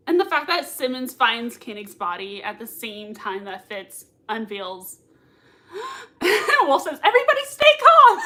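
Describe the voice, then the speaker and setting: A woman hosting a live watch-party reaction, gushing excitedly, laughing often and reading out chat comments. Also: on the high side. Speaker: livestream reaction host.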